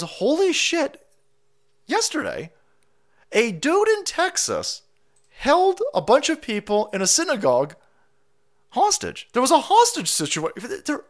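Profane, heated ranting man. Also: extremely high pitch. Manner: profane, heated, sarcastic rant. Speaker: livestream host. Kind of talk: ranting political commentary.

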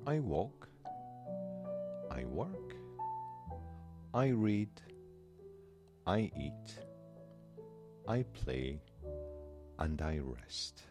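A Scottish man reading the part of a calm, wise male panda, speaking gently and slowly. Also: low-pitched, over music, heavily acted. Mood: gentle. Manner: gentle, slow and soothing.

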